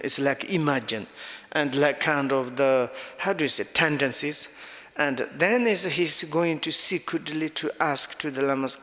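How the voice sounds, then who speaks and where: A man with a Tibetan accent teaching Buddhist dharma in halting, non-native English with frequent restarts and searching for words. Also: a little high, fairly bright tone, in a large hall.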